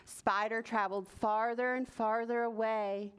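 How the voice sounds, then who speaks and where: A woman, a children's librarian, reading a picture book at preschool story time, expressive and stopping to ask the children questions. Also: on the high side, unhurried, smooth.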